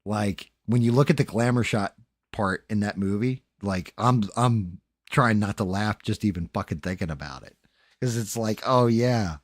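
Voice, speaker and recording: A man's voice: fairly low pitch, moderate pace, no room sound, clean studio sound. A man hosting a late-night livestream, chatting loosely with frequent swearing and thanking viewers by name. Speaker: livestream host.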